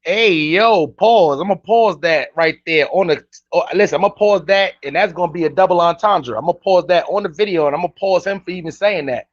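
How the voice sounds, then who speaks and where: A man's voice: high voice, dry recording. A man giving casual, slangy reaction commentary, ranting emphatically as a vlog host. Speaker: commentary vlogger. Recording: dull dry lo-fi recording.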